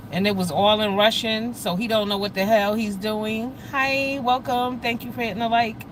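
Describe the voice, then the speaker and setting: A woman's voice: on the high side, slight background noise. Blunt, gossipy woman livestreaming. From United States. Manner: blunt, profane, gossipy and animated. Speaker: livestream host. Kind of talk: casual livestream chat, greeting viewers.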